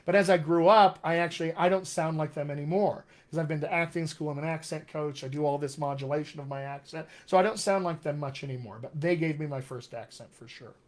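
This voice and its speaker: Upbeat man coaching live, slightly high. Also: fast talker, few pauses. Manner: upbeat, encouraging, addresses viewers directly. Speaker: dialect coach. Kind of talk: live online Q&A teaching.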